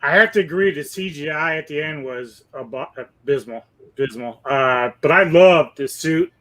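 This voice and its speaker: A man hosting a casual movie discussion, relaxed and full of "uh" fillers, laughing easily. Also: a little high, moderate pace, rough recording. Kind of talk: casual movie review chat.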